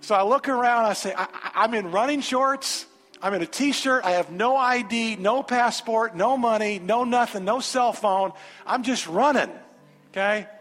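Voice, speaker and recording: A man with a high voice preaches in a large sanctuary, telling a story with animated, emphatic energy. The long reverb of the hall hangs on each phrase, and soft music plays faintly behind him. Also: moderate pace. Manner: animated storytelling, rising to emphatic altar call. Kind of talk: sermon with a personal story.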